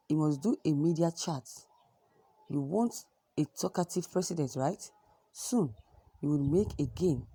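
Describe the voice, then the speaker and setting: Husky, mellow news commentator. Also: mid-range voice, dry recording. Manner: emphatic, repeats points with restarts. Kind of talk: news reading, then opinionated commentary.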